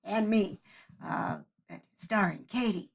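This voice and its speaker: A woman's voice: medium pitch, slow pace, creaky, husky. A woman hosting a podcast, chatty and upbeat, with lots of fillers as she talks casually with friends. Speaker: podcast host. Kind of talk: casual chat.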